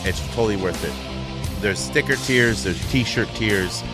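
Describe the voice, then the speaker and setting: A man's voice: lowish voice, a little slow, music in the background. A man hosting a podcast in a casual, crude and joking way. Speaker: podcast host. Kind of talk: casual chat.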